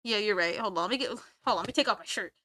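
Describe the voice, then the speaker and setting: A woman's voice: mid-range voice, very fast, pushed and bright, no echo, clean studio sound. A young woman streaming from home, chatting casually with her chat, play-acting anger and laughing often. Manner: playful mock-angry banter with frequent laughs.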